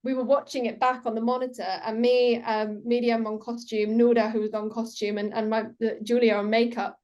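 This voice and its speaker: Actress, casual interview guest, chatty and a bit high-pitched. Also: female voice, little pitch movement, fairly quick, a little mellow, highs cut off. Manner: giggly, chatty storytelling with many fillers.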